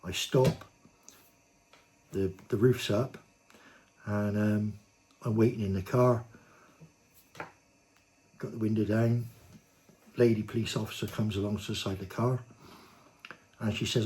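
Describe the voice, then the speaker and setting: A man tells a story in a blunt, cheeky, casual manner. His voice is dark and mellow. It lifts and grows animated whenever he quotes himself. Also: fairly low pitch, moderate pace, pauses often. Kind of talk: casual anecdote to camera.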